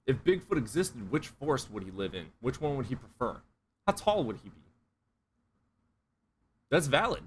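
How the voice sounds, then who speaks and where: A man with a mid-range voice answers chat questions on a casual livestream, blunt, profane, and sarcastic, with slight background noise.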